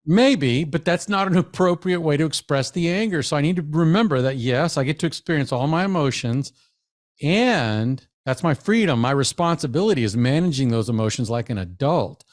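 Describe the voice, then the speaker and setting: Animated man giving a teacher workshop. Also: on the high side, moderate pace. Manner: animated, conversational, acts out quoted voices. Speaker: psychologist giving teacher training. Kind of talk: professional development talk.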